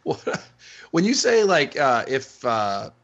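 A man co-hosting a casual chat and asking curious, halting questions. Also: mid-range voice, big pitch swings, a bit bright, highs cut off.

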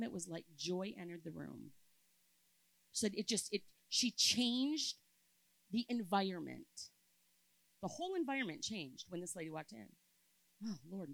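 A woman in her fifties giving a sermon at a church camp, telling a personal story and moving between loud emphasis and soft, quiet passages. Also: mid-range voice, gravelly, no echo, poor audio.

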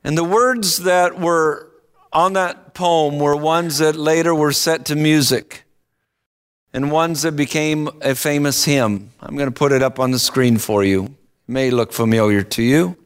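Slow, earnest high-voiced preacher. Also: male voice, fairly even intonation, clear, resonant tone. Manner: earnest storytelling, slow and deliberate. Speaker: pastor. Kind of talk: sermon.

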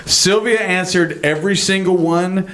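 A man acting as scorekeeper and co-host, speaking casually and halting with many restarts. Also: sits high, a bit bright, slight background noise, poor audio. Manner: halting, restarts often, good-natured. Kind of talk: casual chat.

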